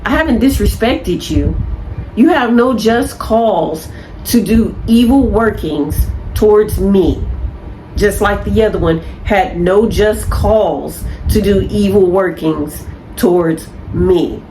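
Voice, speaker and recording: A woman's voice: medium pitch, slow, dark tone, a little hiss or hum, poor audio. A woman in her fifties lecturing her viewers in an unscripted rant, blunt and profane. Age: 50s. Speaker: spiritual content creator.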